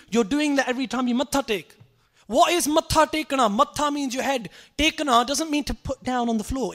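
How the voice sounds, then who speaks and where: A man giving an animated storytelling sermon, repeating phrases and acting out voices. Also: very high-pitched. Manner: animated, repetitive, acts out voices. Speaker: Sikh preacher.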